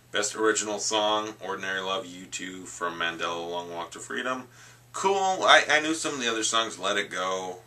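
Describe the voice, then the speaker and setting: An excitable young man with a low voice and a very bright, forceful edge, ranting casually about movie awards. He stumbles and restarts his sentences and swears freely. The mic sits a little way off. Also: far from the mic. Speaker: vlogger.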